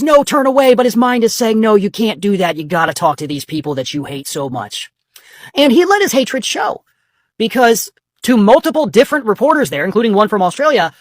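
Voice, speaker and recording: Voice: medium pitch, dry recording. Commentator, scornful and mocking, swears freely; dry, close recording. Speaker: political commentator. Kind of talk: political commentary monologue.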